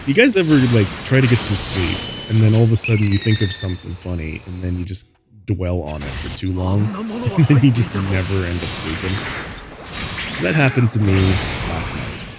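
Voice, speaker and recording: A man's voice: sits low, very animated, moderate pace, loud music behind the voice. A goofy, giggly man hosting a laid-back gaming stream and rambling to chat, a bit tired from poor sleep. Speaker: streamer host. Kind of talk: casual chat while gaming.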